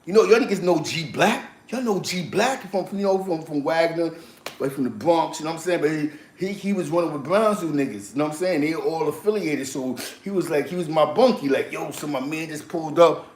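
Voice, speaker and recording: A man's voice: fairly high pitch, fairly quick. A man telling street and prison stories in casual chat, acting out other people's lines with lots of laughter. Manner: animated, laughing, acts out quotes. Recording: echoey room.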